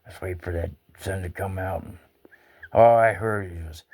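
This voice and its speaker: A man's voice: low-pitched, steady tone, normal speed, gravelly, darkish tone, dry recording, studio quality. A man rambling through a personal anecdote in a salty, folksy way, swearing casually and often restarting his sentences. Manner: salty, profane, folksy talk with many restarts. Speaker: storyteller.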